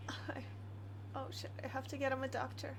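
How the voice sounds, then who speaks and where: A woman's voice: high voice, completely flat delivery, normal speed, gravelly, slight background noise. A woman chatting casually while playing a video game, laughing often and telling stories with animation. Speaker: co-host. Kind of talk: casual let's-play chat.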